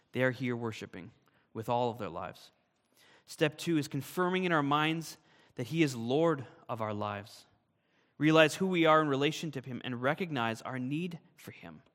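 A man preaches a sermon to his congregation, pressing his points with earnest emphasis that rises and falls. His voice sits at an ordinary middle pitch. It carries through a church hall with a long reverb trailing each phrase. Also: a bit bright. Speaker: pastor.

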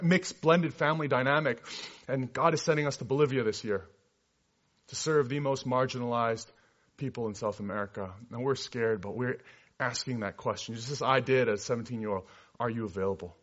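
Brief: male missionary preaching a testimony, mid-pitched, earnest, dull lo-fi recording. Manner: earnest storytelling, shifting from animated to hushed. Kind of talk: sermon testimony.

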